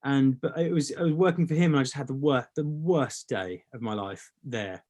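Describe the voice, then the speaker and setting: A man's voice: medium pitch, normal speed, a little mellow. A man, a company founder, telling stories in a casual interview, rambling, repeating himself and swearing now and then. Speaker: brand founder, guest.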